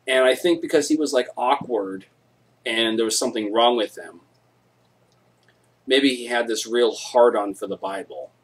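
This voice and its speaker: Husky male streamer, casual, swears a lot, rambling jokey storyteller. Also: medium pitch, normal speed. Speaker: live stream host.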